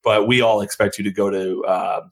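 A man, a former pitcher chatting as a podcast guest in a laid-back, joking way, often restarting his sentences. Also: fairly even intonation, moderate pace, rough recording. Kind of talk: casual chat.

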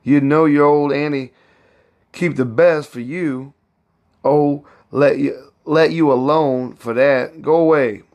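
A man reading aloud gives voice to a proud, bossy old plantation cook who fusses and scolds in thick old Southern dialect. Her voice sits higher than his own and her words are slow and drawn out. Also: fairly even intonation, a little mellow. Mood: fond. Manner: raised pitch, drawn-out words.

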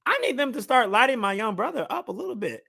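High, bright chatty male podcast host. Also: quick pace, gravelly. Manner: chatty, teasing, animated. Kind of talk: casual podcast chat.

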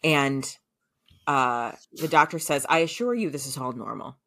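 Very low-voiced chatty woman podcaster. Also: expressive, unhurried, a bit bright. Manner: chatty, many fillers, laughs often. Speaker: podcast co-host. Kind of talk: casual storytelling recap.

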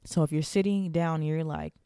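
Young woman host, warm earnest encouragement, dry close mic. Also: deep voice, fairly even intonation, fairly quick, smooth, dry recording. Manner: earnest, encouraging, faith-filled. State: out of breath. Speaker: podcast host. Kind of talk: solo podcast monologue.

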